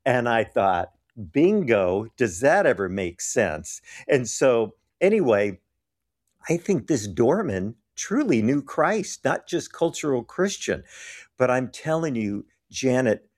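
A man's voice: medium pitch, big pitch swings, slow pace. A man telling stories in an interview, earnest and emphatic, acting out the people he quotes. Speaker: guest telling ministry stories. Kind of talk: animated storytelling interview.

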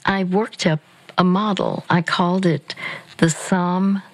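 An older woman giving gentle, measured Christian counsel on a call-in radio show. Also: fairly low pitch, fairly even intonation, no echo, rough recording. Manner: slow, gentle, measured, with fillers.

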